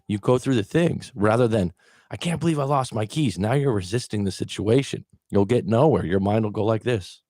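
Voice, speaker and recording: Male relationship coach, middle-aged, low mellow voice, dry close sound, casual plainspoken delivery. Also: no room sound. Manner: plainspoken, acts out quoted thoughts, occasional swearing. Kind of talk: casual advice talk.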